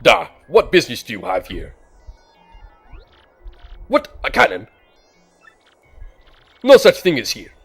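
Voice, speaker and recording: A man's voice: medium pitch, wildly swooping pitch, slow pace, creaky, long pauses, fairly bright tone, husky, faint music behind, heavily acted. A man voicing a stern, secretive old male creature mayor, scolding and dismissive.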